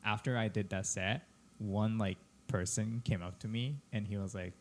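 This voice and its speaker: A man, a comedian telling a story on a podcast, halting and repeating words and laughing as he goes. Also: lowish voice, steady tone, slight background noise. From Japan. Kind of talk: casual storytelling.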